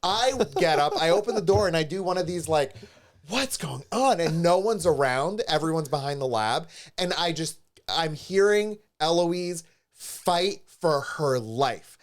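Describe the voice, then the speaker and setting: A man's voice: fairly high pitch, animated, unhurried. A man co-hosting a podcast, telling a story animatedly in casual chat and acting out the voices of the people he quotes. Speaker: podcast co-host. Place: studio with a live stream.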